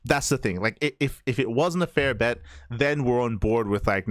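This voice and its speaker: A man's voice: medium pitch, expressive, brisk, few pauses, no echo, studio quality. A man co-hosting a show review podcast, talking in a rambling casual way with many restarts. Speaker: podcast co-host.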